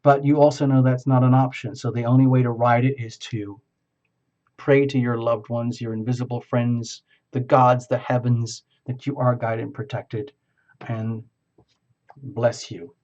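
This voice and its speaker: A man giving a tarot reading in a rambling, halting, effusive way. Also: mid-range voice, little pitch movement, a little mellow, dull audio. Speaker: tarot reader.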